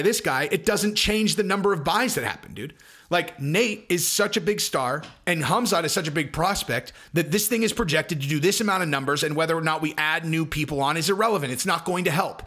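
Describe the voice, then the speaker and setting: A man hosting his own commentary channel, talking fast and emphatically. His voice sits a little high and comes across bright and forceful. He circles back and repeats himself to drive each point home. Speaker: channel host.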